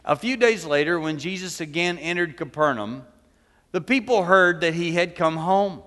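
A man's voice: on the high side, expressive, moderate pace, a bit bright. A male pastor preaching a sermon in a church, talking conversationally with humorous asides. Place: church sanctuary. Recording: long church reverb.

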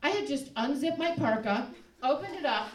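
A woman in her thirties with a Chicago accent tells a funny story on stage, animated and laughing through her punchlines. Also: high-pitched, moderate pace, distant mic. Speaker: stand-up comic. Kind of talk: live stand-up storytelling. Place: comedy club stage. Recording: roomy live club recording with audience noise.

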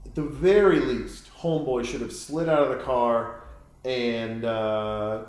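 A man giving rambling, crude, joking commentary while watching a film, with sudden high-pitched exclamations. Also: slow, a little mellow, reverberant. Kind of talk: casual watch-along commentary.

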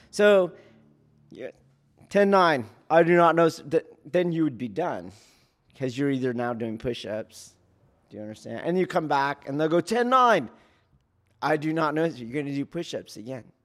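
A man, a police academy instructor, explaining training in a casual teaching talk, checking in often with his listeners and acting out loud shouts. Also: medium pitch. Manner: keeps checking in with "do you see?"; acts out trainees and yelling officers in sudden loud bursts.

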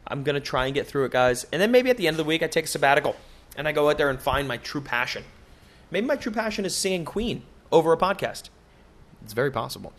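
Joking, profane man with a high voice. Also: fast talker. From United States. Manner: loose, joking, profane, animated storytelling. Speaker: podcast host. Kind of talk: casual solo podcast rant.

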